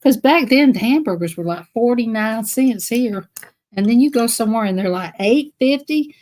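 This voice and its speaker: A woman's voice: fairly high pitch, expressive, normal speed, darkish tone. A woman with a Southern US accent chatting on a live stream, telling rambling stories and laughing between phrases. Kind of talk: casual storytelling to viewers.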